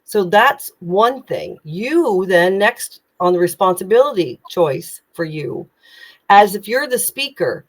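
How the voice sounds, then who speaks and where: A woman's voice: mid-range voice, expressive, takes it slowly. A woman communication coach giving tips in a live online session, speaking with energy, urgency and emphatic projection.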